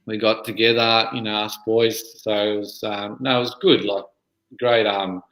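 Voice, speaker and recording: An Australian man in his thirties chats as a guest on a podcast, rambling along with plenty of filler words. His voice is bright and forward, and it rings in an echoey room. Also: lowish voice, little pitch movement, moderate pace. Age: 30s. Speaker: guest player and junior coach. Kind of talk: casual interview chat.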